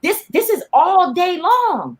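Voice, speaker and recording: Slow-spoken woman in her forties. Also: very high-pitched, very animated. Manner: earnest, searching, halting restarts. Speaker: panel guest. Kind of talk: panel discussion.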